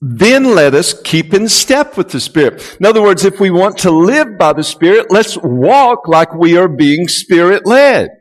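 A male pastor preaching a sermon, who builds to loud call-and-response and draws out key words. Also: sits high, big pitch swings, measured pace, hardly any pauses. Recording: long hall reverb.

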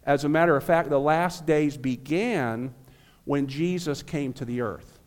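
A man's voice: a little high, a little slow. An American man in his fifties, a visiting pastor, preaching a friendly, earnest sermon to a small church. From United States. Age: 50s. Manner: friendly, joking with the crowd, then earnest preaching.

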